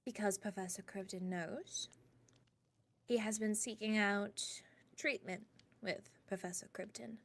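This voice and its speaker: A woman's voice: medium pitch, steady tone, a little slow. Woman chatting in character. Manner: chatty, explains court gossip with hushed asides. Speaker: streamer playing a character. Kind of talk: in-character roleplay conversation.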